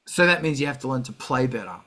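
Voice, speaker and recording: A man's voice: mid-range voice, expressive, fast, noisy background. A middle-aged man hosting a music livestream, talking casually and ranting with heavy swearing.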